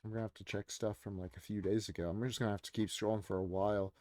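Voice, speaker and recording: A man's voice: on the low side, little pitch movement, fast, a little mellow, no room sound. A man giving casual, rambling commentary as he reads social media posts aloud, with plenty of fillers. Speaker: commentary streamer.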